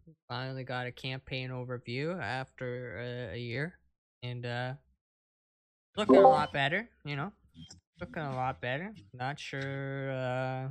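A man co-hosting a podcast, giving gaming news in relaxed, casual talk full of fillers and swearing. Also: medium pitch, clear, resonant tone. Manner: laid-back, lots of fillers and swearing. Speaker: podcast co-host.

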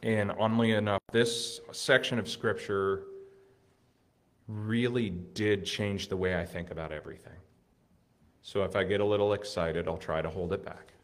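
A man preaching a sermon in an earnest way, building to excited emphasis and then dropping soft. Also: fairly low pitch, moderate pace.

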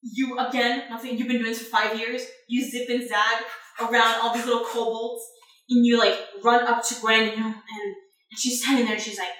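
A woman's voice: a little high, level tone, a little fast, a bit bright. A woman narrating as game master of a tabletop game, rambling with many fillers. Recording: echoey room, far from mic.

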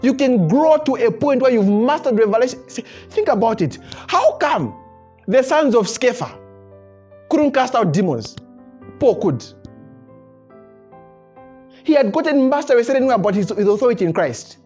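A male pastor delivering a sermon to a responsive congregation, his pitch rising and falling freely as he drives each point home. He chuckles between phrases and repeats words as he builds momentum, with soft music playing faintly behind him. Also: moderate pace, pauses often, breathy edge. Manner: animated preaching with frequent chuckles and repeated words. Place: church service before a congregation.

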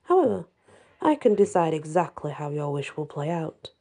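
A vengeful female fairy speaks softly and coolly, voiced by a woman storyteller. Her tone is mellow and dark, with a husky, breathy edge. The menace stays quiet and controlled. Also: low-pitched, sing-song, normal speed, heavily acted.

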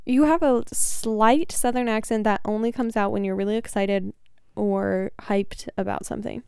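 A woman's voice: mid-range voice, fairly even intonation, moderate pace, creaky, warm tone, clean tone, dry recording, clean studio sound. A woman co-hosting a casual podcast from a bedroom. She is chatty, laughs a lot and likes to tease. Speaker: podcast co-host. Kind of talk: casual chat. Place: bedroom, close to the mic.

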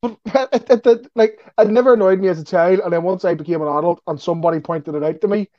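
A young man chatting casually as a podcast co-host, excitable and quick to laugh. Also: high-pitched, muffled recording, a little hiss or hum. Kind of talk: casual chat.

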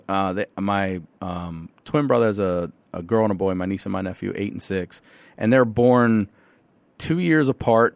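This is a middle-aged man with a lowish voice, recorded close and dry in a podcast studio. He tells personal stories bluntly and candidly, and he swears easily along the way. When he quotes someone, his voice leaps up in pitch. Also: no echo. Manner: animated, swears freely, acts out quotes with jumps in pitch. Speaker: podcast guest. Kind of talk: candid conversational storytelling.

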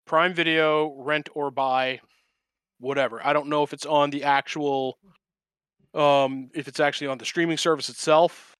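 A man's voice: on the high side, steady tone, normal speed, fairly bright tone, smooth, no echo. A man in his late thirties co-hosting a podcast in blunt, chatty casual talk. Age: 30s. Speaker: podcast co-host. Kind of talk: casual chat.

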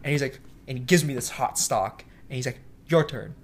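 A man who works as a cook is telling a story in a relaxed interview, and he has a voice of average pitch. He acts out the people in his story and sometimes shouts their lines. Faint room ambience sits behind him. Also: fairly quick, slight background noise. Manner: animated storyteller, acts out quotes loudly; self-described shy.

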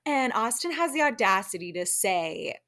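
Woman host, animated casual recap talk, mid-pitched, peppered with fillers. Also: normal speed. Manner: chatty and animated, lots of "like" and laughs. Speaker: podcast host. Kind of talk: casual reality TV recap chat.

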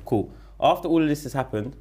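A man's voice: on the high side, fast, breathy edge. A young man with a London accent, a guest telling a story in a casual interview, rambling and full of street slang. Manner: slangy, rambling, animated when retelling.

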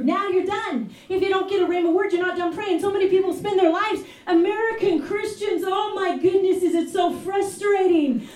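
A woman elder preaches with fervent, exhorting urgency, her voice high-pitched yet mellow in tone. She is heard from some distance in an echoey church room. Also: moderate pace. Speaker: elder sharing at a fellowship service. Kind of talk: sermon. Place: church fellowship service.

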